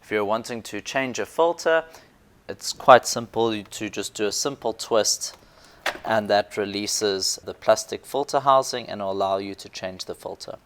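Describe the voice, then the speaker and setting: A man's voice: lowish voice, moderate pace, a bit bright. A man presenting a paint sprayer in a friendly, explanatory product demo video, with a few fillers.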